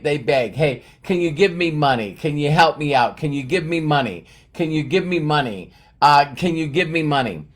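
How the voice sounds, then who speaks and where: Man, fairly high voice, live stream host, chatty, repeats himself. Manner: chatty, greets viewers by name mid-thought; uses many fillers and repeats words. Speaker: livestream host. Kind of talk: live stream talk greeting viewers.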